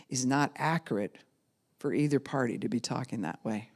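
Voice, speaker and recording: Animated woman pastor teaching. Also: extremely low pitch. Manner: lively, acts out other people's words in quick little voices; conversational, with frequent "you know" and "right?". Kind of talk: teaching talk to a class.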